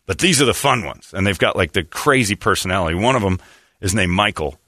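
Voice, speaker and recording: A man's voice: low-pitched, a little fast, no room sound, clean studio sound. A man hosting a comedic podcast chat, rambling and sarcastic. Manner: rambling, sarcastic, animated, slips into mock voices.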